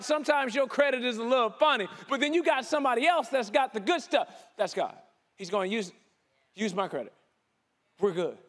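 A man giving a conference sermon in an animated preaching style, with casual slang. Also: very high voice. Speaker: keynote speaker.

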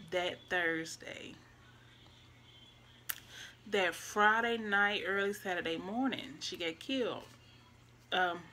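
A woman's voice: mid-range voice, pushed and bright, a little hiss or hum. A young woman, telling a personal story casually and emotionally, with her voice often dropping to near-whispers. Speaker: vlogger.

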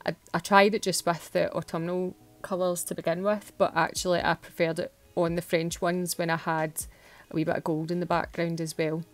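A woman's voice: fairly low pitch, level tone, normal speed, hardly any pauses, faint music behind. Giggly Scottish woman vlogger. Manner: chatty, giggly, self-deprecating. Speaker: nail art vlogger. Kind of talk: casual tutorial narration.

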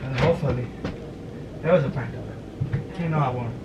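A man's voice: medium pitch, brisk, echoey room, muffled recording. A young man vlogging and teasing his partner, playful and laughing often, with street slang. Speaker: vlogger pulling a prank. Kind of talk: casual teasing banter. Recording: distant mic with loud vehicle noise.

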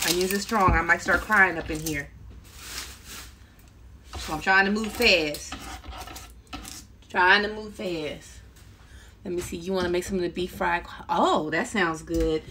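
Brief: middle-aged woman, casual kitchen livestream host, talkative, loud chopping and clatter behind her. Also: medium pitch, noisy background. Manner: chatty, talks to viewers while chopping, laughs often. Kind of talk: casual cooking livestream chat. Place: home kitchen.

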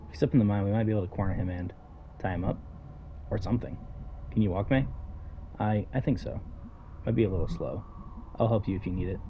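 A man with a fairly low voice reads a story game's dialogue aloud during a let's play, voicing each character in turn. He speaks in a casual, offhand manner. The recording is a little dull and lo-fi, with faint noise underneath. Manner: casual, reads every character's lines himself. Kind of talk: reading game dialogue aloud.

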